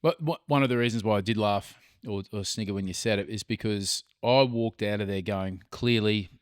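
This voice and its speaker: A man's voice: lowish voice, clear, resonant tone, dry recording, studio quality. A middle-aged man with an Australian accent, telling stories in casual podcast chat and swearing freely. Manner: storytelling, swears freely, drawn-out pauses. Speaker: podcast co-host.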